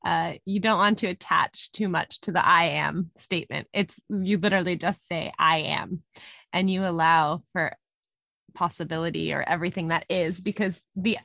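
A woman co-hosting a podcast, speaking thoughtfully in a relaxed conversation and laughing easily. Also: on the low side, moderate pace, gravelly, no echo, studio quality. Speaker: podcast co-host. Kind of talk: casual reflective conversation.

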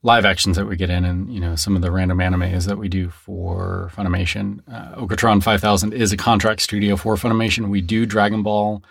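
Low-voiced man in casual chat. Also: vocal fry, dry recording, clean studio sound. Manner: relaxed, halting, many fillers. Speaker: game localization producer. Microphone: close studio mic.

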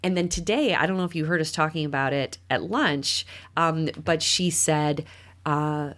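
A middle-aged woman co-hosting a podcast, chatting casually about parenting and telling stories with lively quoted voices. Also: low-pitched, normal speed. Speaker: podcast co-host.

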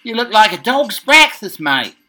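A man putting on a loud, hammy Australian bloke who shouts out slang phrases in a high, exaggerated voice. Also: big pitch swings, normal speed, faint music behind, exaggerated voice. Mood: hammy, boisterous. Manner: shouted, hammy, high-pitched catchphrase delivery.

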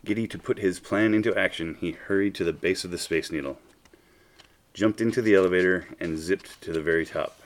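A man with a very low voice reads a children's storybook aloud. He keeps his delivery unhurried and expressive, drawing out phrases as he goes. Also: a little hiss or hum. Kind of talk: storybook reading.

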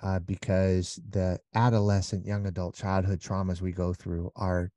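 Low, mellow-voiced man talking earnestly. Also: flat delivery, normal speed, dry recording. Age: middle-aged. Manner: earnest, rambling, acts out little scenes. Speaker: podcast guest. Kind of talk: candid conversational storytelling.

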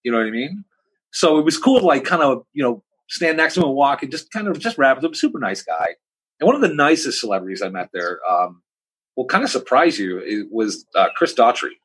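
A man's voice: medium pitch, big pitch swings, fairly quick, a bit bright, breathy edge, low-quality recording. A man on a podcast, rambling through bar anecdotes with bursts of quoted voices. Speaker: podcast co-host. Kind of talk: casual chat.

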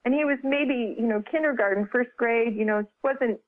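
A woman's voice: a little high, normal speed. Chatty woman on a phone line. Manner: chatty, lively retelling with many "you know"s. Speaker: author and guest. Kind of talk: casual storytelling interview.

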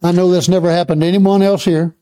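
A man preaching a sermon to a congregation, reading scripture slowly and having the listeners repeat verses back to him. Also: sits high, fairly even intonation, dark tone.

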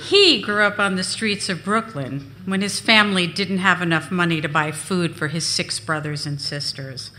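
A woman giving a live memoir reading on stage, expressive and unhurried. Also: on the low side, a little hiss or hum. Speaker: storyteller. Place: on stage at a venue.

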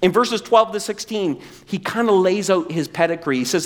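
A man's voice: high voice, animated, moderate pace, a bit bright. A man preaching a sermon, acting out quoted voices and asking the audience to repeat words after him. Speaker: pastor.

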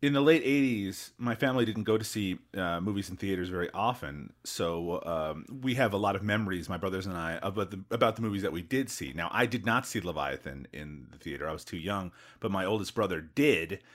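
A man's voice: low voice, fairly quick, few pauses. A man co-hosting a podcast in casual movie chat, swearing freely and laughing between remarks. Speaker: podcast co-host.

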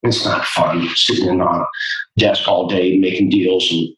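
A man, a youth basketball coach, speaking as a guest in an interview. He tells stories in an earnest, preacherly way with a low voice. The sound is roomy and echoing, a little distant from the mic. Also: flat delivery, moderate pace, a bit bright. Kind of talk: interview storytelling.

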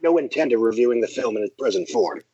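A man's voice: medium pitch, lively intonation, quick pace, warm tone, breathy edge, dry recording, dull audio. A man from the Midwest US, a film critic, talking as a guest in a casual interview with a dry, self-deprecating manner.

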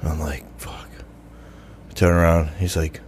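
A man's voice: low voice, level tone, quick pace, a little mellow, breathy edge. A man tells a gritty story from his past. His talk is loose and profane, and he acts out the people he quotes. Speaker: podcast guest in recovery. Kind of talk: casual storytelling.

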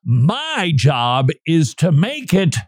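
A man's voice: on the high side, wildly swooping pitch, drawn-out words, no room sound, studio quality. A male radio host bantering playfully with mock-grand announcer flourishes.

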